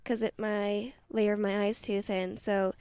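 A woman chatting as a guest, soft-spoken and giggly. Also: mid-range voice, level tone, normal speed, clean tone, dry recording, studio quality. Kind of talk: casual chat.

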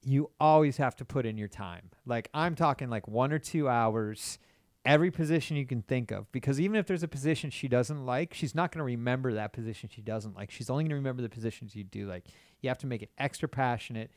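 A man's voice: medium pitch, fast, no echo. Brief: male host, crude and blunt, coaching others, mid-range voice, dry close recording. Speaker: podcast host. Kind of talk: casual explicit chat.

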